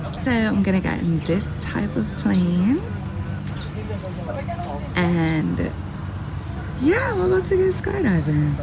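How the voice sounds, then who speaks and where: A woman's voice: mid-range voice, big pitch swings, slow pace, long pauses. A woman vlogging outdoors at a skydiving airfield into a handheld camera, rambling nervously and swearing a lot. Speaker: travel vlogger. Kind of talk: casual vlog to camera. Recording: loud music under the voice.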